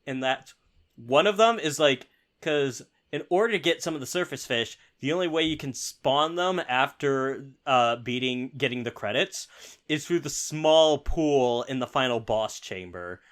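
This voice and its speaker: A man's voice: medium pitch, lively intonation, a little slow, a bit bright. A man co-hosting a casual podcast, chatting about a video game, laughing often and acting out quoted lines. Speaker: podcast co-host.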